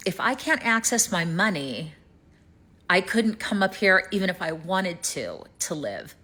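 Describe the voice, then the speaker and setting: Worried Southern woman, lower pitch. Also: big pitch swings, unhurried, pushed and bright. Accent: Southern American. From East Tennessee, United States. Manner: worried, rambling, trails off to near-whispers. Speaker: vlogger. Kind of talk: casual personal vlog. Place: rented home in Canada.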